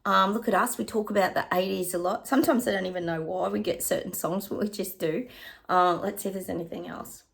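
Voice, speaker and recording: A middle-aged Australian woman talks through a psychic reading for her viewers, her voice carrying a gravelly, fry-edged texture at an ordinary pitch. She chats loosely, keeps breaking off with "hang on," and laughs easily. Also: fairly even intonation. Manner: chatty, keeps pausing to say hang on; laughs often and hums snatches of songs.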